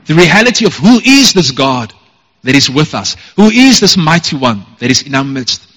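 A man's voice: a little high, big pitch swings, normal speed, a bit bright, big-room sound. A man preaching a sermon as a pastor, earnest and emphatic, repeating his phrases for weight.

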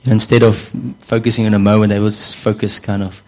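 A man's voice: lowish voice, level tone, fast talker, hardly any pauses, low-quality recording. A man preaching a sermon in a conversational way, often repeating words and saying "you know".

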